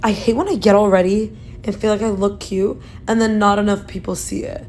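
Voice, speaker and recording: Brief: young woman, TikTok-style rant to a phone camera, frank and chatty, light background rumble. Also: flat delivery, a little fast, a little mellow. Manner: chatty, frank, swears, lots of "like". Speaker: TikTok creator. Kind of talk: casual talk to camera.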